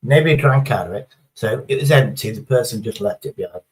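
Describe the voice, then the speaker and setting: A man's voice: mid-range voice, animated, fast talker, rough recording. A man chatting casually on a live stream, rambling through a story and swearing heavily as he reads the chat.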